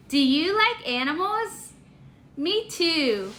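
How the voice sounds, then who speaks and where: High, bright sing-song woman talking to a toddler. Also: animated. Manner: slow, exaggerated and cheerful, with gasps of delight. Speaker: aunt teaching a toddler. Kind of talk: sing-song talk to a small child.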